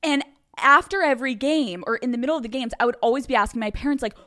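A woman's voice: sits high, fast, sharp tone. A young woman from the Philadelphia area hosting a podcast, chatty and swearing freely. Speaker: podcast host. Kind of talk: casual chat.

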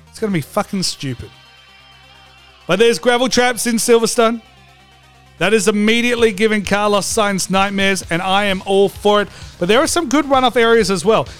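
A man with a high-pitched voice hosts a comedic racing preview vlog. He is brash and theatrical and swears freely. Faint music plays behind him. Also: a bit bright. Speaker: host.

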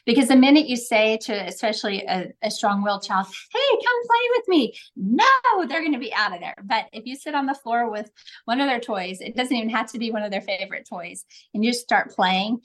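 Animated high-voiced woman parenting coach. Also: a little fast. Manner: animated storyteller, acts out quotes with big pitch jumps. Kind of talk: podcast interview, storytelling.

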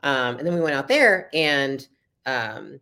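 A woman's voice: a bass voice, expressive, bright, forceful tone. A young adult woman, a podcast guest, telling her story in a casual, chatty interview and acting out the dialogue. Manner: fast, chatty, acts out quoted dialogue.

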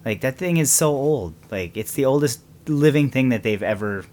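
A man's voice: mid-range voice, animated, moderate pace, a little mellow. A young man co-hosting a podcast in casual chat, laid-back and chatty, laughing often. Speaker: podcast co-host.

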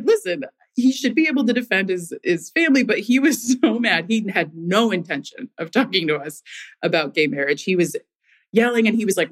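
A woman caller in her thirties, from Massachusetts, spins a school story in easy, casual talk. Her voice sits at a middle pitch, and laughter keeps slipping into her sentences. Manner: laughs often mid-sentence, animated.

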